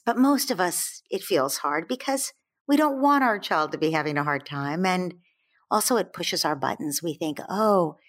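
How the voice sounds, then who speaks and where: A woman who is a parenting expert, explaining in a gentle, soothing way and slowing down to stress her points. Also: mid-range voice. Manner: gentle, soothing, slows down for emphasis. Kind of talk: calm explanatory advice.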